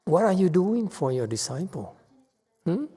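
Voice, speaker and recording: A man giving a Buddhist lecture, pressing his listeners with pointed rhetorical questions and jumping up in pitch to stress a point. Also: big pitch swings, a little slow, mellow, slightly rough, in a large hall. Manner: sudden rises in pitch and force when stressing a point. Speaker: Buddhist teacher. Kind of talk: Dharma lecture.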